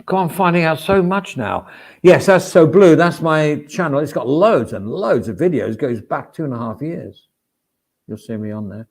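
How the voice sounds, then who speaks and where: A middle-aged man talks loosely to his livestream viewers, his voice rough with a steady gravelly fry. He rambles from one aside to the next, often filling gaps with small words. He pokes fun at himself in an easy, chatty way. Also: fairly high pitch, normal speed. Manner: rambling and self-deprecating; chatty, with frequent fillers and asides. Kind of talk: casual livestream chat.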